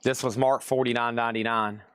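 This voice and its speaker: A man's voice: mid-range voice, level tone, a little fast, fairly bright tone, a little hiss or hum. Chatty man running a live record sale. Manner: chatty, reads out buyer names, prices and record conditions. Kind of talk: casual live-stream auction patter. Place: record shop.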